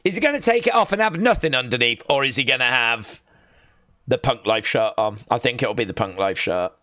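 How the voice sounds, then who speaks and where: An excitable young man, hosting a live watch-along stream, chatting, chanting and reading out viewer comments. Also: medium pitch, fairly quick, dry recording, studio quality. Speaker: livestream host.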